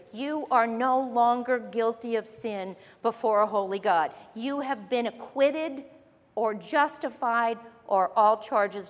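A woman preaching a sermon, emphatic, slowing down to stress key phrases. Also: fairly high pitch, in a large hall.

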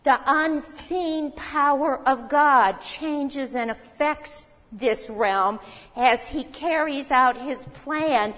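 A woman's voice: sits high, very slow, fairly bright tone. A woman preaching a sermon, teaching in a conversational way and asking rhetorical questions. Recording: long reverb of a hall.

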